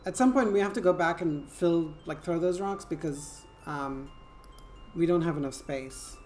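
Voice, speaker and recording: A woman's voice: fairly low pitch, moderate pace, darkish tone, slight background noise. A woman with a French accent chatting casually and playfully while streaming a game, swearing now and then. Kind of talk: casual gameplay chat.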